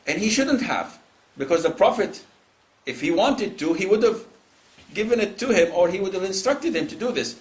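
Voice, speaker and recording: A man delivers an Islamic lecture in a fairly high voice. He tells anecdotes with energy, slipping into raised voices for the people he quotes, and laughs often along the way. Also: fairly quick. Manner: animated storytelling, mimics callers in raised voices. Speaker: Islamic preacher.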